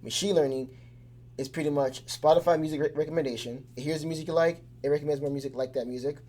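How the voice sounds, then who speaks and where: Brief: a man as a relaxed lesson host, loose delivery with plenty of fillers, keeps it simple. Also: a little high, fast talker. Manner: loose and conversational, with many fillers and restarts; keeps things simple with everyday examples. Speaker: teacher. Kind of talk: casual explainer lesson.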